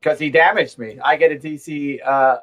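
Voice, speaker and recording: A woman's voice: low-pitched, fairly even intonation, moderate pace, faint music behind. A woman playing a tabletop game, chatty and wry. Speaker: player.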